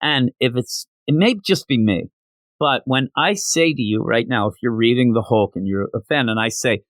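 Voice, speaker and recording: A man's voice: medium pitch, moderate pace, no echo. A man reviewing comics in a casual solo show, ranting and sarcastic, tired from not sleeping.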